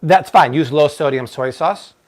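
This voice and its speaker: A man in his thirties hosting a live-stream cooking demo, chatty and energetic, now and then slipping into playful broken Spanish. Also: on the high side, normal speed, noisy background. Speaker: cooking show host.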